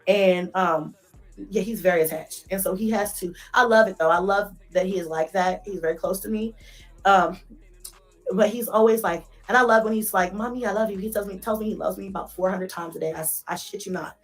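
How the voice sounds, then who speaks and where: A woman's voice: medium pitch, a little fast, faint music behind. A woman, telling stories about her kids in a casual vlog, swearing and laughing as she goes. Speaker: mother vlogger.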